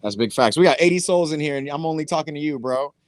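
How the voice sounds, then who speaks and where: A man's voice: on the high side, animated, fast, no room sound. A young man hosting a live watch-party stream, chatting casually over a football match in a laid-back, slangy way and talking straight to his chat.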